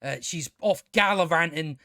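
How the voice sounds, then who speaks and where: A man rambles through a TV review in a slightly higher than usual voice, recorded dry and close. He trips over his words and restarts often, and he swears freely as his exasperation spills into a rant. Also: moderate pace, pushed and bright, dry recording. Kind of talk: casual spoken review.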